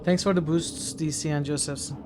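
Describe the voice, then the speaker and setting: A man's voice: on the high side, steady tone, fairly quick, noisy background. A man streaming a video game, making wry, joking asides as he plays. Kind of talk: casual game commentary.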